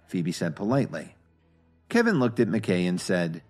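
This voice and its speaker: Low husky guy reading an audio story, lively up and down delivery, faint music. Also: moderate pace. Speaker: narrator. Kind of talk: scripted narration.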